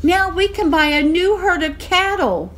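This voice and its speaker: A woman's voice: very high-pitched, lively intonation, measured pace, fairly bright tone, pitched above the performer's own voice, full character voice. A woman voicing a plucky young cowgirl who talks eagerly and boldly. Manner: eager, spunky.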